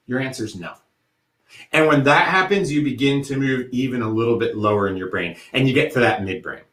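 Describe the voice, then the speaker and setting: A man presenting an educational workshop, explaining things in a steady way and using vivid analogies. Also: medium pitch, fast. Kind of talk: educational talk. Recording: echoey room.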